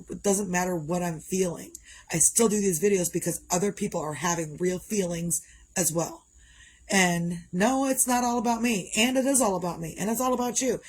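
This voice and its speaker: A woman's voice: on the low side, rough recording. A tired, slightly winded woman talking casually in a motivational vlog, rambling and repeating herself in a candid way. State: tired and a bit out of breath. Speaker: vlogger.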